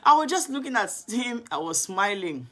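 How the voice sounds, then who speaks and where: Husky woman giving earnest testimony. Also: fairly high pitch, sing-song, moderate pace, fairly bright tone. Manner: earnest, emotional storytelling with many restarts. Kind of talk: personal testimony. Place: home in London.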